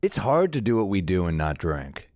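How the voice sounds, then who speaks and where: A man's voice: sits low, big pitch swings, normal speed, darkish tone, no echo, clean studio sound. A man comedian musing reflectively in a podcast chat, drawing out his words.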